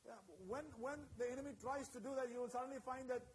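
A man preaches with striking emphasis, repeating his key words and stopping to ask whether his listeners are with him. His voice sits unusually high for a man. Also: little pitch movement, fast, a little hiss or hum, poor audio. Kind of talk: sermon.

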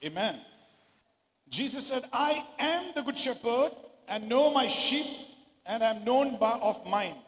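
A man preaching a sermon to a congregation in a church, at times raising his voice to a shout. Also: very high-pitched, expressive, slow pace. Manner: rises to shouting exclamations. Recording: echoey hall.

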